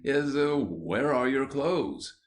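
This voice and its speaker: A man's voice: lowish voice, moderate pace, natural voice. A man voicing a harried middle-aged mother who speaks in a fretful, near-tearful way, in an audiobook reading. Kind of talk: audiobook character voice.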